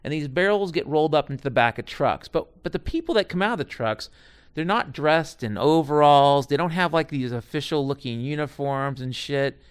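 A man's voice: a little high, normal speed, clear, resonant tone, no echo, studio quality. Rambling, foul-mouthed man telling stories. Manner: digressive, profane, frequent restarts and asides. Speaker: storyteller recounting past jobs. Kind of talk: casual rambling monologue.

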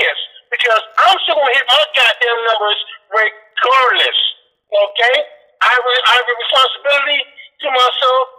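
A man's voice: extremely high pitch, bright, forceful tone, low-quality recording. A man in a casual, profane political chat, talking bluntly and swearing constantly as he rants.

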